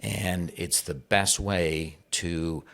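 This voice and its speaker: A man's voice: deep voice, fairly even intonation, extremely slow, fairly bright tone. A middle-aged man chatting in a casual interview conversation, with playful asides. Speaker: podcast conversation partner.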